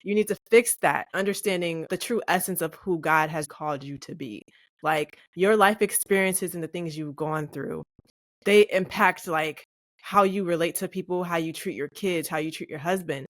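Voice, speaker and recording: A woman's voice: on the low side, moderate pace, no echo, studio quality. A woman hosting a faith podcast, talking casually and affirming her guest. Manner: warm affirming listener with soft reactions. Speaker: podcast host.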